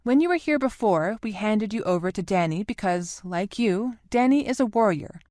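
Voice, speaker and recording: A woman's voice: medium pitch, lively intonation, moderate pace, a little mellow, no room sound, voice pushed up, close to an everyday voice. Woman reading as a bossy little old mom type, firm and raised, dry close sound. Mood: stern. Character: old small motherly woman, stern and commanding.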